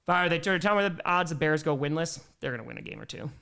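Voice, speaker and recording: A young man hosts a live stream, reading viewer messages aloud, thanking people, and calling plays, bursting into excited calls as the action happens. His voice is fairly high, fast, clear, and resonant.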